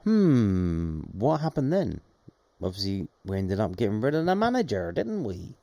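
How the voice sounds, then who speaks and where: A man's voice: on the low side, wildly swooping pitch, moderate pace, mellow, no room sound. A man hosting a daily football news podcast, reading out reports and adding sarcastic asides. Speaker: podcast host.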